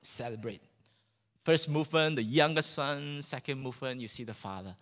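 A man's voice: a little high, fairly quick, fairly bright tone. A man preaching a sermon in a casual, joking way, often asking the congregation questions.

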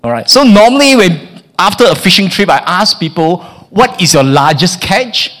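Preaching with energy, this man takes on the roles of the story's characters, frequently stammering and repeating himself. He speaks at a moderate pace in a high-sitting voice.

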